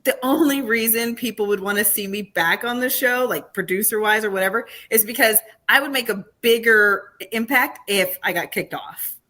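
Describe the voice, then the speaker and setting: A woman with a bright, clear voice chats as a podcast guest. She tells her stories with animation and breaks into laughter often. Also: on the high side, moderate pace, hardly any pauses. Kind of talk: casual interview chat.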